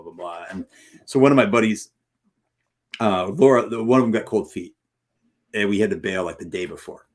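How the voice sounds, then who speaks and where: A man with a lowish voice tells a long, winding story in casual chat. He stumbles, restarts and bursts out loudly, like a teacher who is always on. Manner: animated rambling anecdote with restarts, loud bursts. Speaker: podcast co-host; high school teacher. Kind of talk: casual storytelling on a sports stream.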